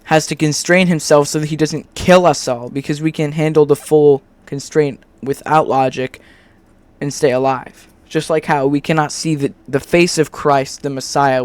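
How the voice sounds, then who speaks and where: A man's voice: a little high, no room sound. A man making a video, reading a script he wrote and explaining an argument while he draws, rambling and often breaking off to restart. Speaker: video creator. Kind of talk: scripted argument over screen drawing.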